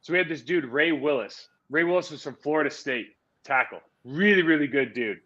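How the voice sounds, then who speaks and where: A man's voice: fairly high pitch, fairly quick, fairly bright tone, highs cut off. A man, a co-host and former pro football player, telling stories in loose, slangy podcast chat. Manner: loose storyteller, slangy, says "dude" and "right?".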